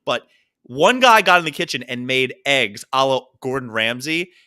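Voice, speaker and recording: Lively, bright-voiced man telling stories. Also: medium pitch, moderate pace, clear, resonant tone. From Baltimore. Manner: animated storyteller, acts out quotes. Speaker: podcast co-host. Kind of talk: casual storytelling chat.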